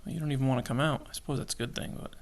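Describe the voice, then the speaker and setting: A man's voice: mid-range voice, fairly even intonation, rapid-fire. A man narrating his model kit build, muttering and whispering to himself as he works, with jokey self-mocking asides. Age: adult with children. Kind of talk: hobby build video narration.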